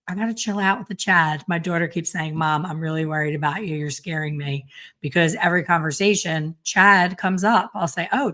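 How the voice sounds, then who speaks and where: A middle-aged woman hairstylist hosting a casual solo podcast, chatty and self-deprecating with quick asides. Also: lowish voice, fairly bright tone. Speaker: podcast host and hairstylist educator.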